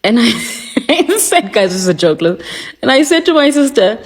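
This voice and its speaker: A woman's voice: fairly high pitch, moderate pace. A young South African woman with a South African accent, chatting and telling stories in a casual reaction video, laughing often. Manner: animated, laughing, storytelling. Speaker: social media creator.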